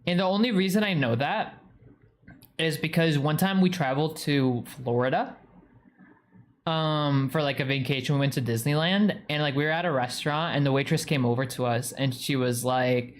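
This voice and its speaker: A young man with a New England accent talks to his stream viewers in a loose, rambling way. His voice sits a bit high for a man. He piles on "like" fillers and swears freely. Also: moderate pace, slight background noise. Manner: rambling, heavy use of "like" and swearing. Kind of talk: casual live-stream chat reading viewer comments.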